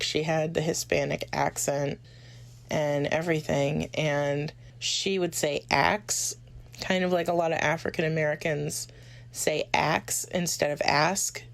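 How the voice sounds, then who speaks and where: A young woman casually recounting her school memories in a loose, conversational way, with many pauses and fillers. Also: sits low, vocal fry, no room sound. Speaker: former student interviewee.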